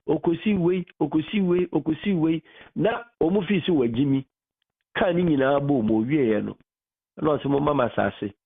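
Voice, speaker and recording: Animated Ghanaian radio host, husky voice. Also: male voice, fairly high pitch. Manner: animated, mixing Twi and English, rising to loud emphasis. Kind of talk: radio talk in Twi and English. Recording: phone-like radio broadcast audio.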